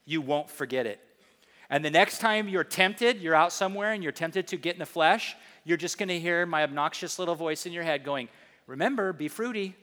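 A pastor delivers a brisk sermon in a large church sanctuary, where long reverb hangs after each phrase. His male voice is bright, slightly sharp and a bit high. He hammers his points with emphasis and slips in playful asides.

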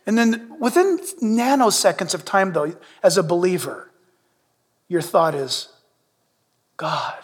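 A middle-aged man preaching a sermon as pastor, animated and humorous, dropping at times to a hush. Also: high voice, slow, long pauses, slightly rough. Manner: animated, humorous, shifts between loud and hushed. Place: church sanctuary. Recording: long reverb in a large hall.

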